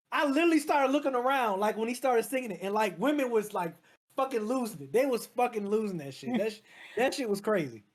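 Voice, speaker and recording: A woman chatting as a guest, telling stories in an emphatic, profane way. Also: fairly high pitch. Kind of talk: casual chat.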